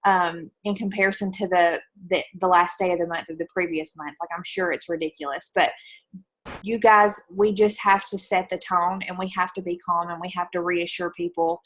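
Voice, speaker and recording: A woman's voice: on the low side, steady tone, moderate pace, a bit bright. A woman giving an earnest, encouraging talk to fellow team leaders on a video call.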